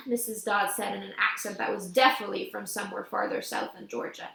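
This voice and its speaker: Woman reading a story, gravelly and bright. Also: medium pitch, flat delivery, fast, few pauses, reverberant, rough recording. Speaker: audiobook reader. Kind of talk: reading a novel aloud.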